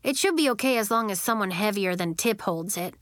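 A woman's voice: medium pitch, expressive, brisk, fairly bright tone, no room sound, lightly acted. Shy earnest boy, voiced by a woman for a storybook read; hesitant and polite, close dry sound. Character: shy, polite young boy who can't stop floating.

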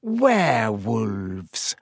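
A cold, contemptuous schoolmaster, put on by a male reader, spacing out each clipped word and sinking into a soft, menacing hush. His pitch swings widely between sneer and whisper, and the recording is dry and close. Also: wildly swooping pitch, vocal fry, no room sound, heavily acted. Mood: cold scorn. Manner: slow, clipped and icily deliberate, dropping to a soft menacing hush.

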